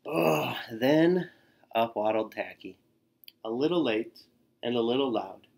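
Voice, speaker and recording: Slow, expressive male storybook reader. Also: medium pitch, creaky. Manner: expressive, with gasps and sighs. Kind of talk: children's picture book read-aloud.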